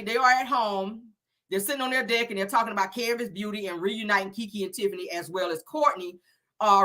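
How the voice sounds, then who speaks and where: Animated sassy woman recapping reality TV. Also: medium pitch. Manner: animated, sassy, profane, laughs often; acts out the cast's lines in quotes. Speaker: reality show recap host. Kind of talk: casual reality TV recap commentary.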